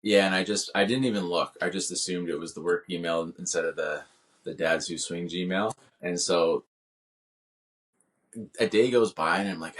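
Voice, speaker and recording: A man's voice: deep voice, normal speed. A man co-hosting a podcast, telling a workplace story in casual chat and acting out the voices of the people in it. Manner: animated storyteller, acts out quoted voices. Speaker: podcast co-host.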